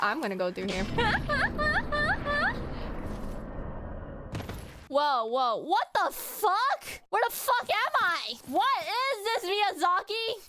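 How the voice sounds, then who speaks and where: A young woman VTuber chatting casually while gaming, excitable, swearing a lot and laughing often. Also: sits high, a little hiss or hum. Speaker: VTuber streamer. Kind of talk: casual gaming stream chat.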